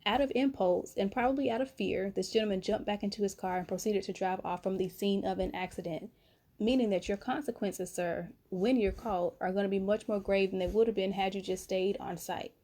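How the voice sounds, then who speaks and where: In a casual late-night vlog from home, a young woman from North Carolina tells a story, addressing her audience as honey and baby. She's chatty and animated, with a medium pitch and a slightly fast pace.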